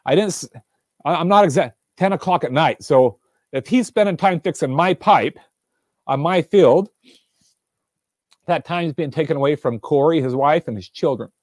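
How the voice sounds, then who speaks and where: Earnest, animated man for a livestream devotional, slightly high voice, dry close sound, repeats questions and reads viewer answers aloud. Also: moderate pace, long pauses, no echo. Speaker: fireside speaker. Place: indoors room, alone.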